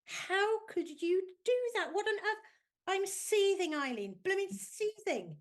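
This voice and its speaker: A woman's voice: medium pitch, expressive, brisk, breathy edge. A woman voicing a prim young office typist who scolds her friend with exasperation. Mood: outraged.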